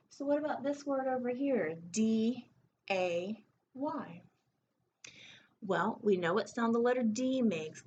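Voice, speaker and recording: A woman teaching preschoolers a recorded phonics lesson, stretching out letter sounds in a slow, sing-song way. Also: lowish voice, darkish tone, highs cut off, a little hiss or hum.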